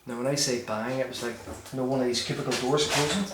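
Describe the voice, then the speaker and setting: A man's voice: mid-range voice, fairly even intonation, fast. A man on a ghost hunt, telling what he heard in a casual way. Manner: hushed then loud calling out. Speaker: ghost hunter. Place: dark old building at night. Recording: echoey room with noise.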